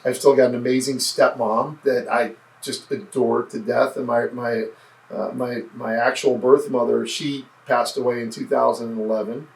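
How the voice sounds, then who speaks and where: Interview guest, male, mid-pitched and gravelly, sincere and thoughtful, roomy off-mic sound. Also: flat delivery, distant mic. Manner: earnest, reflective, halting restarts. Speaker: podcast guest, former state senate candidate. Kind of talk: casual interview conversation.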